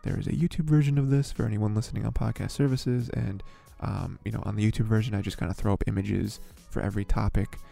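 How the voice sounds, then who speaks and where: Young male podcast host, casual rambling commentary, gravelly, very dark tone, faint music behind. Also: on the low side, steady tone, fast, few pauses. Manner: rambling, filler-heavy, exasperated.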